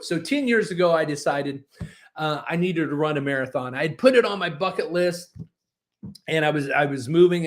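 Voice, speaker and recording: A man in his forties, a book publisher, teaching a workshop in a folksy, encouraging storytelling manner. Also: a little high. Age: 40s. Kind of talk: motivational workshop talk.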